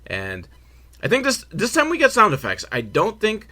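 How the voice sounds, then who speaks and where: A man's voice: high-pitched, huge pitch swings, normal speed, pushed and bright. A man giving a sarcastic, swearing comedy recap of a film and laughing at his own jokes. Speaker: movie recap host.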